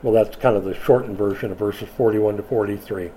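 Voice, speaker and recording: A man preaching a sermon, dramatic and animated, dropping from loud emphasis to hushed lines and acting out voices. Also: on the low side, brisk, a little hiss or hum. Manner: acts out biblical voices in quotes.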